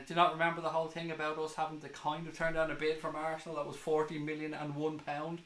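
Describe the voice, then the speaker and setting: A man's voice: fairly high pitch, a bit bright, roomy sound, low-quality recording. A man hosting a football fan live stream, chatting casually and swearing as he reads viewer comments. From Ireland.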